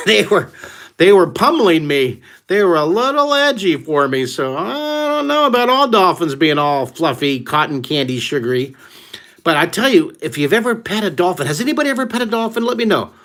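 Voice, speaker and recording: A man's voice: high-pitched, big pitch swings, moderate pace, fairly bright tone. Exuberant American man teaching drawing. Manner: exuberant, exclamatory storyteller who whoops often. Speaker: art teacher hosting a live drawing class. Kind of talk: live online drawing lesson for kids.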